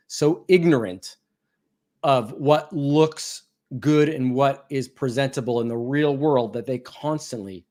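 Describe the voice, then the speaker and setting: A man, a guest in a casual chat, talking in a measured, explanatory and sympathetic way. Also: medium pitch, darkish tone.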